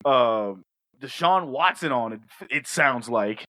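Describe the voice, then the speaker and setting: A man's voice: medium pitch, lively intonation, takes it slowly, bright, forceful tone, no room sound. A man co-hosting a podcast, reviewing a movie in casual, profane chat and acting out scenes with laughter. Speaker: podcast co-host.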